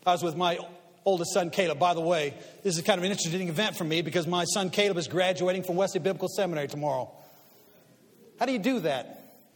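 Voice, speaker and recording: A man in his fifties speaking to a live audience, an animated storyteller who swings from quiet asides to loud punchlines. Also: high voice, quick pace. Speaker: guest speaker and media commentator. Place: large hall before an audience. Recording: long reverb of a large hall.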